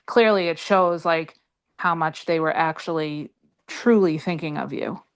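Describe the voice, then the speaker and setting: A young woman co-hosts a casual podcast chat. Her voice sits low and sounds smooth and clear. She backs up her friend, her talk full of fillers. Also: unhurried. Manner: supportive, many "like" fillers. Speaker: podcast co-host.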